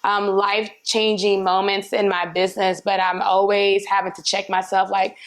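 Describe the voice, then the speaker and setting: Animated woman guest in casual talk. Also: mid-range voice, normal speed. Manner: animated, acts out quoted voices, laughs. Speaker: guest, business founder. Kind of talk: casual conversation.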